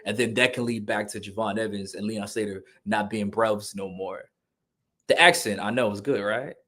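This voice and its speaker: A man co-hosting a casual wrestling podcast, excitable and jokey, rambling with slang and restarts. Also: on the low side, normal speed. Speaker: podcast co-host.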